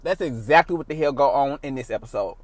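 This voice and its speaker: A man hosting his own podcast, talking casually in a rambling, profane way with big swings in loudness. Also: mid-range voice, animated, quick pace, dry recording. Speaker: podcast host. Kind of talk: casual solo podcast monologue.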